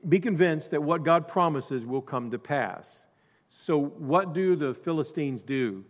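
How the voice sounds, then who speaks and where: A male pastor preaching a sermon, dropping to quiet asides and then rising to loud emphasis. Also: mid-range voice, animated, moderate pace, long reverb tail.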